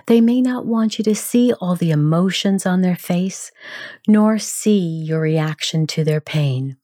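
A woman narrating a grief support guide in a calm, measured, gentle instructional manner. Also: lowish voice, no echo, studio quality.

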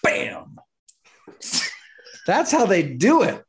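A man's voice: mid-range voice, lively intonation, moderate pace, slight background noise. A middle-aged man co-hosting a casual rewatch podcast, joking around and acting out moments as he retells them. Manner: playful, acts out scenes and lines in the retelling. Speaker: podcast co-host.

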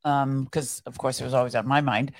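A woman's voice: very deep voice, fairly even intonation, brisk. A woman co-hosting a podcast, telling her faith story in an earnest, reflective way. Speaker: podcast co-host. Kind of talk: casual faith conversation.

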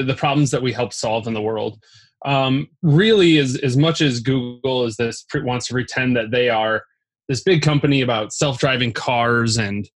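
A man's voice: medium pitch, no echo. A man appearing as a podcast guest and search expert, explaining at length with enthusiasm and side remarks. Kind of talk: conversational explanation.

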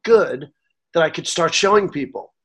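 Higher-pitched man telling his story. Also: normal speed, husky. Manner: animated, acts out quoted dialogue; gets emotional. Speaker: songwriter guest. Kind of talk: storytelling interview.

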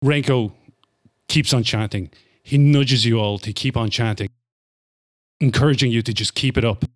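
A man narrating a tabletop horror game as game master, describing events slowly to build dread. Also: mid-range voice.

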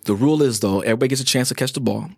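A man's voice: medium pitch, very fast, gravelly, breathy edge, dry recording, clean studio sound. A man, a former fourth grade teacher, telling a story in an interview and acting out the people in it. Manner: animated, acts out quoted voices.

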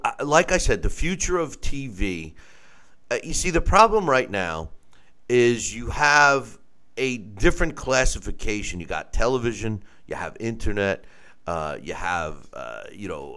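Rambling bright-voiced male host. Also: lowish voice, lively intonation, unhurried. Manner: rambling, full of fillers and restarts, laughs often. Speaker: radio show host. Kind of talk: casual show talk.

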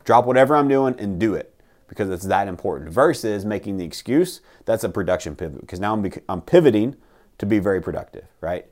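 A man's voice: lowish voice, animated, fast talker, darkish tone. A man hosting a casual motivational talk, emphatic and blunt, who swears and keeps asking "right?".

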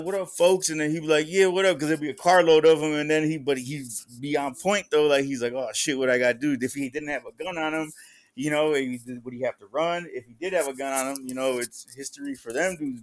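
A man recounts old street encounters in loose podcast talk, sprinkling "bro" through his lines. His voice sits a little high for a man. He slips into the voices of the people he quotes. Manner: profane street slang, says "bro" often; acts out quoted voices in the stories. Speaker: podcast guest or co-host. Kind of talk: casual storytelling chat.

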